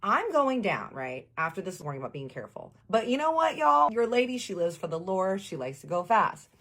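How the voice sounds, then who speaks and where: A woman vlogger telling a casual storytime. She is animated, swears freely and talks straight to her viewers. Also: mid-range voice, a little fast.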